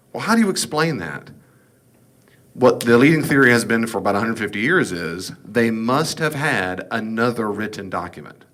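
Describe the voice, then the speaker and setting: A man's voice: medium pitch, pushed and bright. A man teaching an informal Bible class, folksy and digressive with joking asides.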